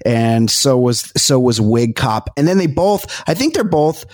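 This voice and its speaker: A man appearing as a podcast guest in casual chat, relaxed and slangy, tossing in quick asides. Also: mid-range voice.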